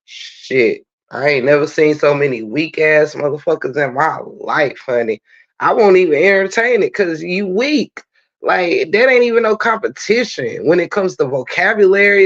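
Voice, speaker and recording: A man, hosting his own channel and roasting critics in a profane, taunting, drawn-out sassy rant. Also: high-pitched, fairly bright tone. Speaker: channel host. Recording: dull lo-fi stream audio.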